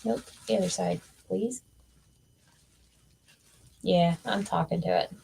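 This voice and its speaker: A woman's voice: mid-range voice, slow, gravelly, mellow, a little hiss or hum. A woman hosting a crafting livestream, chatting casually and teasing while she works.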